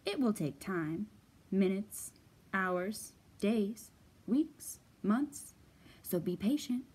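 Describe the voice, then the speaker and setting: A slick male fox peddler from a children's storybook, as a woman puts him on, all smooth pitch and hard sell. His loud patter swoops up and down with big leaps, and the husky edge never leaves his voice. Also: animated, drawn-out words, full character voice. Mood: persuasive. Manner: smooth-talking, salesy patter. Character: fast-talking scheming male fox salesman.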